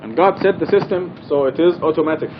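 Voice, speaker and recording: A middle-aged man teaches a religious study class in a mosque, explaining with earnest emphasis. His voice sits somewhat high for a man. The old recording is dull and lo-fi, with a faint rumble underneath. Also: fast talker. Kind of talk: informal religious study talk.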